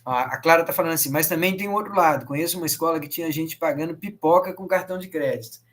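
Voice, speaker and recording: High-voiced Brazilian man lecturing. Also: rapid-fire, fairly bright tone. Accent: Brazilian Portuguese. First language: Portuguese. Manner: switches between English and Portuguese, acts out quoted dialogue. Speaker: professor lecturing. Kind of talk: bilingual lecture with anecdotes.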